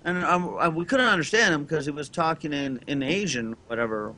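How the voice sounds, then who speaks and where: Male podcast co-host, bright and sharp tone, rambling storyteller who acts out the quotes. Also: a little high, a little fast, a little hiss or hum. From Los Angeles, California. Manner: rambling anecdote with loud acted-out quotes. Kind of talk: casual storytelling chat.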